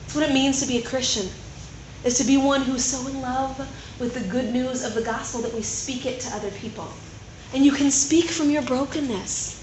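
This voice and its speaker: A woman giving a chatty, animated sermon to a gathering of women, often tossing in tag questions like "right?". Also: high-pitched, moderate pace, a little hiss or hum. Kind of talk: conversational sermon. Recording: roomy echo.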